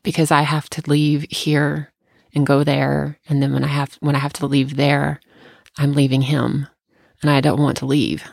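A woman speaks in casual conversation with a gravelly, fry-edged voice, recorded close and dry. She sounds tender and emotional, halting and restarting as she talks. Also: low voice, level tone, no echo. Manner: tender, close to tears at times.

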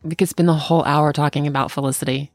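A woman's voice: deep voice, fairly even intonation, fast talker, darkish tone, dry recording, faint music behind. A middle-aged woman co-hosting a podcast in casual chat, rambling with restarts and laughing often. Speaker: podcast co-host.

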